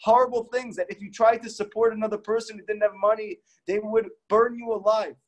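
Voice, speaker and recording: A man's voice: high-pitched, little pitch movement, a little fast. A man, a rabbi, giving a spiritual teaching talk, impassioned and acting out pleading prayers in his own voice.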